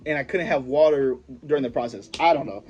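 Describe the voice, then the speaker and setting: A man's voice: medium pitch, fast talker, darkish tone, highs cut off, faint music behind. A young man vlogger telling a personal story in a rambling, profane, slangy way, often stopping and restarting his sentences. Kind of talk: casual storytelling to camera.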